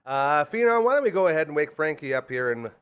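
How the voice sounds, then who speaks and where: Fast-talking upbeat male podcast host. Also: fairly high pitch, very animated, clear, resonant tone, dull audio. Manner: upbeat, fast, hypes up guests. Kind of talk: casual chat. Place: radio studio.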